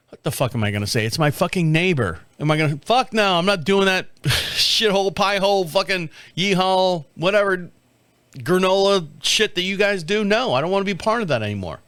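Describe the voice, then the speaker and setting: A man's voice: high-pitched, a little fast, clear, resonant tone, no room sound. A man in his fifties telling a long, profane story in casual chat, acting out the people he quotes. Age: 50s. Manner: profane, animated, mimics others in quoted dialogue. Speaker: podcast host.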